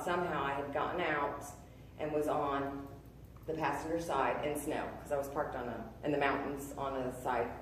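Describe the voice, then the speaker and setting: Low-voiced woman in an echoey room. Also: far from the mic, a little hiss or hum. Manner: halting, earnest, many fillers and restarts. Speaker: testimony speaker. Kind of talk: personal testimony.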